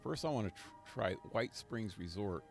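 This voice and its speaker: Gravelly man rambling over game music. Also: on the low side, expressive, normal speed. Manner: rambling talk to himself, easily amused. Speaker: live streamer. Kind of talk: casual gameplay commentary.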